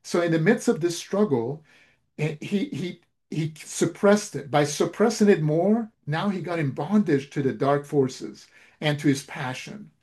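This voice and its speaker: A man's voice: on the high side, measured pace, darkish tone. A man preaching a sermon, retelling a story and acting out its dialogue, with frequent restarts.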